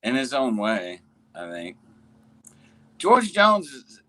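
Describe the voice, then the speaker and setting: A man's voice: mid-range voice, wildly swooping pitch, takes it slowly, pushed and bright, low-quality recording. A man co-hosting a podcast, laid-back and casual in conversation. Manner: laid-back, laughs easily. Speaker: podcast co-host. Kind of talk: casual chat.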